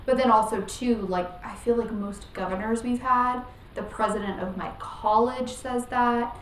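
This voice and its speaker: A talkative woman in her twenties, originally from Missouri, chatting casually with a friend and starting sentences over as she goes. Her voice sits a touch high, and it is caught in a roomy space with a faint hum behind her. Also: steady tone, moderate pace. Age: 20s. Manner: chatty, laughs often, rambling restarts. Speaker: podcast co-host. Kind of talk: casual chat.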